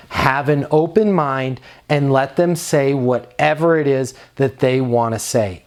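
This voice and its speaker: A man's voice: mid-range voice, a little mellow. A man giving a motivational training talk to leasing agents, direct and emphatic, drawing out key words for stress.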